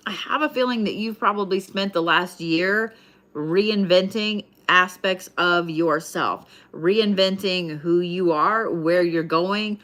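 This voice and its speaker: A woman's voice: fairly low pitch, slow pace, fairly bright tone. A woman giving a live tarot reading in a casual, chatty way, swearing freely. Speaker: tarot card reader.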